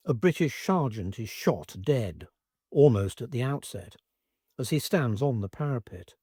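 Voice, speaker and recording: A man reading a first-person wartime memoir aloud as scripted narration, in an expressive, measured way. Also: mid-range voice, dry recording, clean studio sound.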